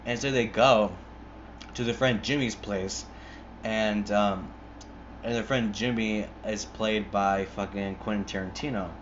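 A man's voice: fairly low pitch, steady tone, a little slow, slight background noise. Rambling, profane young man, muffled. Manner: rambling, profane, full of "like" and restarts. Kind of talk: casual movie retelling. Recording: muffled lo-fi recording.

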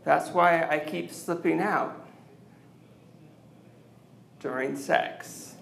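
A man doing an awkward, self-deprecating open-mic stand-up set into a handheld mic on a club stage, leaving long pauses. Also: on the high side, gravelly, a bit bright. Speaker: stand-up comedian. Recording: roomy club sound.

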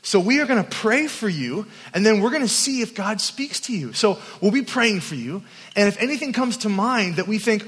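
A man's voice: high voice, animated, fast, a bit bright. A man giving a storytelling sermon at a youth camp, self-deprecating and humorous. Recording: long hall reverb.

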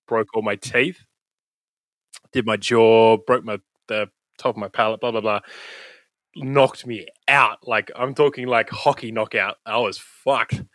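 A man's voice: mid-range voice, fairly bright tone, no room sound. An Australian man chatting as a guest on a video call from a room at home, rambling through a story with lots of laughs and swearing. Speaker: podcast host, guest. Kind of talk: casual storytelling chat.

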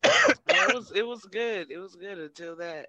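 A man's voice: high voice, normal speed, a crowd in the background. A man co-hosting a casual music reaction chat, joking and laughing easily.

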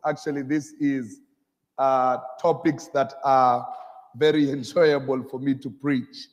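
A man preaching a sermon, reading scripture slowly and drawing responses from the congregation. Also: mid-range voice, darkish tone. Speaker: pastor. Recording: long hall reverb.

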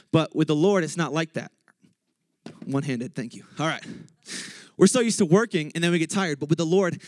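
Guy preaching in church, fired up and joking around, kinda high voice, dry sound. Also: no room sound. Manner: excitable, joking, self-interrupting. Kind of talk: casual energetic sermon.

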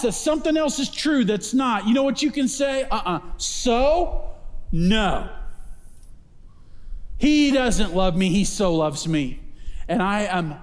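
A man preaching a sermon as pastor, emphatic, climbing to loud calls for his congregation to answer. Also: high voice. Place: church auditorium. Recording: long reverb of a large hall.

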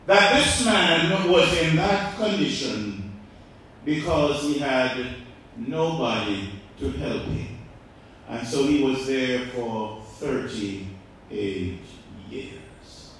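Echoey pastor preaching from afar. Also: male voice, mid-range voice, lively intonation, extremely slow, slight background noise. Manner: rhetorical questions, swings between loud and quiet. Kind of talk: sermon. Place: church. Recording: echoey church hall, mic far off.

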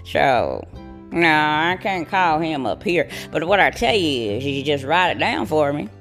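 A woman's voice: sits low, big pitch swings, a little slow, a bit bright, faint music behind, heavily acted. A woman voicing an old country hillbilly patient who drawls folksy and rambling, calling people honey. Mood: stubborn.

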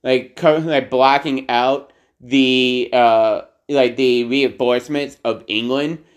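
Slow, filler-heavy man co-hosting an unplanned podcast chat, reads stories haltingly. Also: mid-range voice, steady tone. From United States. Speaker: podcast co-host. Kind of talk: casual chat, reading a news story aloud.

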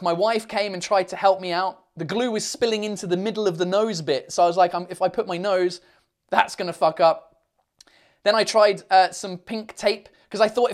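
Man hosting a casual live chat; rambling, sweary, self-mocking, reads comments aloud. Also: high voice. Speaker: livestream host.

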